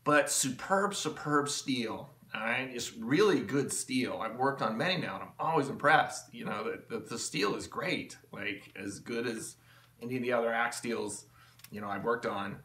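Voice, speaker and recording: A man talks in a loose, rambling way, full of ums and false starts, with a bright, forceful edge to his voice. He is recording in his home workshop, and the room adds a noticeable echo around him. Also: mid-range voice, moderate pace. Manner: rambling, enthusiastic, with many fillers and restarts. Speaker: channel host. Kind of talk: rambling casual vlog talk.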